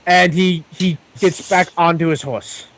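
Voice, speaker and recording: High-voiced man running a tabletop game. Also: steady tone, measured pace, fairly bright tone, no echo. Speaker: game master.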